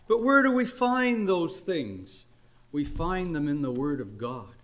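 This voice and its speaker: An older man preaching a sermon, earnest and unhurried, his voice climbing on emphatic questions. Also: fairly high pitch, very animated, fairly bright tone. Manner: earnest, slow exhortation with rising emphatic questions.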